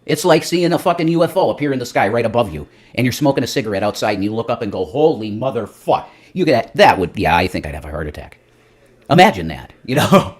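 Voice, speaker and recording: A man's voice: mid-range voice, very animated, quick pace. A man, a self-styled reverend, doing a rambling, profane comedic monologue on a livestream. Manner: profane, rambling, jumps between loud and muttered.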